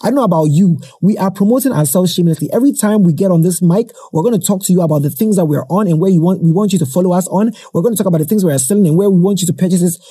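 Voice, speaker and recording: Husky high-voiced man hosting a podcast. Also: very fast, hardly any pauses, warm tone. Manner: chatty, playful, self-promoting. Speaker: podcast host. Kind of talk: casual podcast chat.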